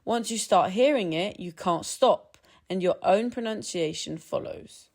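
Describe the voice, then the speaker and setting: A woman narrating a scripted English pronunciation tutorial. She speaks in a calm, measured way and slows down to demonstrate sounds. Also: medium pitch.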